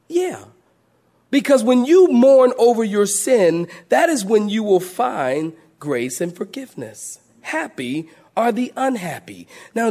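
A man's voice: sits high, a little mellow. A middle-aged male pastor preaching a sermon in a folksy storytelling way, restarting and repeating words, and acting out moaning church ladies.

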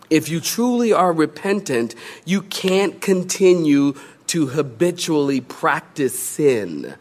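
Male pastor, fairly high voice, animated sermon delivery with playful humor mixed into emphatic points. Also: takes it slowly. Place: church.

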